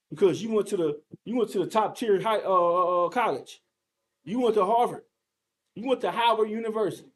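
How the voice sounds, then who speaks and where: Man, high voice, scripture teacher, fiery, confrontational, rhetorical questions. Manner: emphatic and confrontational, with rhetorical questions and mild cursing.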